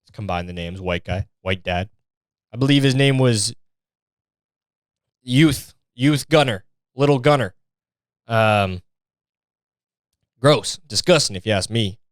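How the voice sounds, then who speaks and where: A man's voice: on the low side, takes it slowly, pauses often, clean tone, no echo, clean studio sound. A man hosting a comedy podcast, talking in a rambling, sarcastic and profane way. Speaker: podcast host. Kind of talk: casual comedic monologue.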